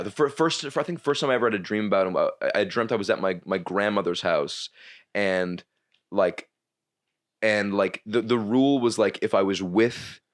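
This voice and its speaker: A man, a comedian, telling a long story on a podcast in a rambling, casual way, with many restarts and frequent swearing. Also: on the low side. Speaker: comedian guest.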